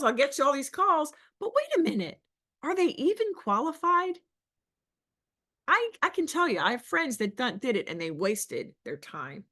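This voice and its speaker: A middle-aged woman sales coach talking passionately on a podcast, asking the listener questions and acting out other people's lines. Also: mid-range voice. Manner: passionate, animated, rhetorical questions. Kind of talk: podcast teaching talk.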